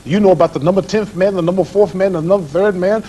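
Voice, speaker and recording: A boxing champion lecturing and boasting in an old TV interview, with a preachy, rhythmic way of talking. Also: male voice, high-pitched, fast, warm tone. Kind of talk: archival TV interview talk. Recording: hissy old archive TV recording.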